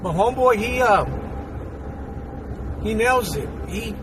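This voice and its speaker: High-voiced man over traffic noise. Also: animated, slow pace. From Houston, Texas. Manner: rambling, blunt, streetwise, repeats himself. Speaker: YouTuber reacting to a clip. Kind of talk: casual spoken commentary.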